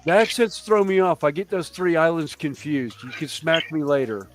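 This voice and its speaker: A man's voice: fairly high pitch, normal speed, over music. Rambling, laughing American man in his fifties. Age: 50s. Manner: rambling, swears casually, laughs often. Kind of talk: casual group chat.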